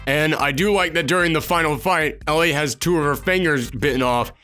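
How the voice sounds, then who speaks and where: A man's voice: fairly high pitch, fairly quick, pushed and bright, soft background music. A man giving an emphatic, ranting spoiler review of a video game, acting out imagined reactions. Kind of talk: opinionated spoiler discussion.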